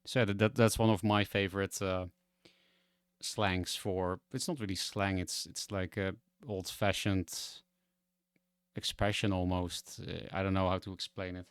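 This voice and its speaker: A man whose first language is Dutch chats casually on a game stream, talking frankly, rambling, and often restarting his sentences. His voice is low and smooth with little pitch movement, a little slow in pace. The clean studio sound has no echo.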